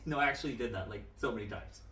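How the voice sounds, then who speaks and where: A man co-hosting a casual chat show, telling stories in an animated way and swearing freely, in a room at home. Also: fairly low pitch, fast talker, echoey room, recorded from a distance, a little hiss or hum. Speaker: podcast co-host.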